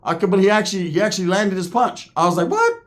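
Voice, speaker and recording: Street-talking middle-aged guy, somewhat high voice, loose animated commentary rant. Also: very fast. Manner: streetwise slang, animated, tangents and asides.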